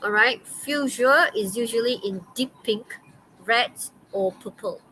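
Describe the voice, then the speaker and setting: A woman's voice: on the high side, measured pace, sharp tone, rough recording. A woman with a Malaysian English accent teaches an online English class. She talks in a loose, chatty way, packed with okays and fillers. A faint noise sits under her voice. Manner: chatty, many okays and fillers, laughs often.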